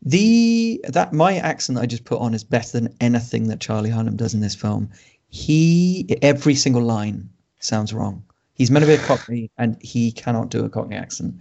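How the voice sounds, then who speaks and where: A man co-hosting a film podcast, reviewing a movie in a dry, sardonic way with many pauses and ums. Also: medium pitch, lively intonation, creaky, mellow. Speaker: podcast co-host reviewing films. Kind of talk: casual film review chat. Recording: dull lo-fi podcast audio.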